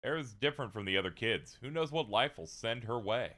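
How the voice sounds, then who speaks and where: A man voicing a calm, earnest young mother who gently teases her husband. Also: medium pitch, fairly quick. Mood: gentle.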